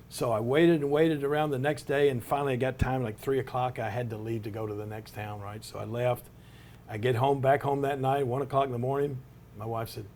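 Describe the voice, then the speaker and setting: A man's voice: medium pitch, darkish tone, a little hiss or hum. An older man, telling a long anecdote in an interview with many restarts and asides. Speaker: interview subject, retired wrestler. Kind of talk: storytelling in an interview.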